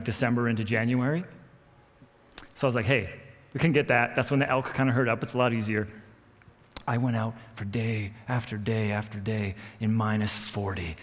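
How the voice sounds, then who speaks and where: A male pastor speaks in a middle-range voice, lively and self-deprecating as he tells a story to his congregation. He acts out quotes with sudden jumps in energy. His voice rings with the long reverb of a church hall. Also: medium pitch. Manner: animated storyteller, acts out quotes, laughs at himself. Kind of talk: sermon with personal story.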